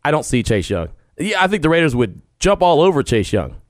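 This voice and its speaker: A man's voice: fairly high pitch, sing-song, a little fast, no echo, clean studio sound. A man hosting a casual sports podcast from home, talking earnestly with frequent restarts and easy laughs. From Texas. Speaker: podcast host. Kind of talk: casual sports talk monologue. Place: home studio.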